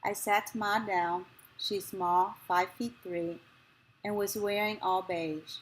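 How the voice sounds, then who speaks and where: A woman reading a memoir passage aloud, in a slow, measured and gentle way. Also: medium pitch, fairly even intonation, breathy edge, low-quality recording.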